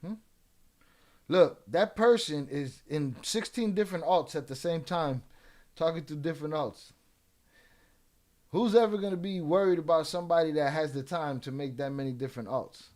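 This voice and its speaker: A man's voice: fairly high pitch, normal speed, a little mellow. A man hosting a livestream, taunting and trash-talking trolls in the chat in a drawling, streetwise way. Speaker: livestream host. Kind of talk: live-stream chat with viewers.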